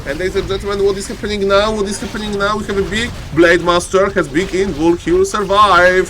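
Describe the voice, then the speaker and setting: Man, high voice, excitable game caster, keeps saying ladies and gentlemen. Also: fairly quick, slight background noise. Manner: excitable, repeats "ladies and gentlemen", rises to loud urgent calls. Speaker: esports caster. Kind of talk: live game commentary.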